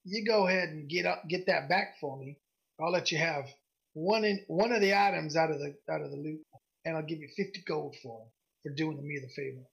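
A man voicing a gruff, blunt woman in her mid-thirties who trades weapons, in a gravelly voice. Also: a little high, fairly quick, fairly bright tone. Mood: haggling. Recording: dull lo-fi recording.

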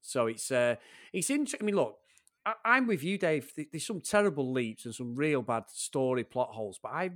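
A man's voice: medium pitch, very animated, normal speed, fairly bright tone. A man co-hosting a film podcast, giving blunt, joking opinions and swearing now and then. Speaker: podcast co-host. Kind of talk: casual film chat.

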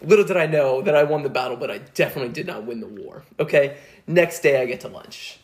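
A young man co-hosting a podcast, telling a story in a lively, animated way as casual chat. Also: mid-range voice, quick pace. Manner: animated storyteller, keeps adding "okay?". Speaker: podcast co-host.

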